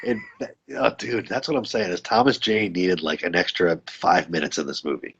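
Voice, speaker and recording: Man, husky, fairly low, casual film chat, profane, dull lo-fi sound. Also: moderate pace. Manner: excitable, profane, acts out movie lines. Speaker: podcast host.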